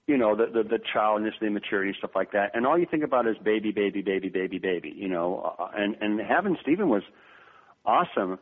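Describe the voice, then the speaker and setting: A husky-voiced man in his fifties tells stories with jokes and repeated words, slipping into quick impressions. He comes through a narrow, tinny phone line. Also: fairly low pitch. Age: 50s. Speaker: guest. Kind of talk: animated storytelling interview.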